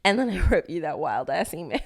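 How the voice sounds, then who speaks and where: A woman's voice: fairly low pitch, a little fast, slight background noise. A young woman co-hosting a podcast, telling a story in casual chat and acting out the quoted lines. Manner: animated, swearing, acts out quoted dialogue. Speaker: podcast co-host.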